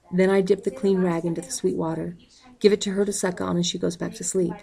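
A woman reading a novel aloud in a calm, even way, calling out the page numbers as she goes. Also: fairly low pitch, creaky, poor audio. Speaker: audiobook reader.

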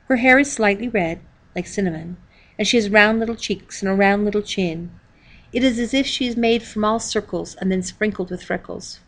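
A woman reading a diary-style children's book aloud, calling out the page numbers as she goes. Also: medium pitch. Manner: reads page numbers aloud, measured storytelling. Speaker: reader.

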